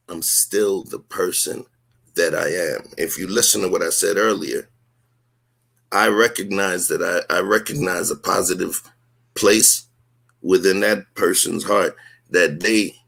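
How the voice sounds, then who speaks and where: Man, husky gravelly voice, emphatic and rhetorical, heated stream talk. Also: deep voice, fairly bright tone. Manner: emphatic, rhetorical, street slang. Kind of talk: heated live-stream discussion.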